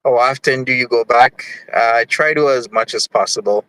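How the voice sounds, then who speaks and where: A man's voice: medium pitch, normal speed, pushed and bright, smooth, rough recording. A young man from Jamaica hosting a livestream, chatting casually and reading chat messages in a rambling, easygoing way. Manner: rambling, easygoing, many fillers. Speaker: livestream host.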